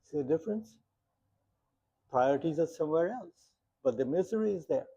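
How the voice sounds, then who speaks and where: A man leads a meditation talk at a moderate pace, his slightly high voice animated, dark and a bit rough. He speaks plainly, asking lots of rhetorical questions and telling short stories, and the audio is muffled and lo-fi.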